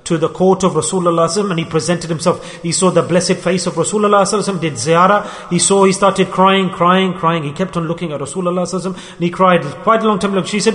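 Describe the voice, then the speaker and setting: Male preacher, middle-aged, high voice, story-driven sermon, reverberant hall. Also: quick pace, fairly bright tone. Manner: storytelling, acts out dialogue, rising and falling delivery. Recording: echoey hall with long reverb.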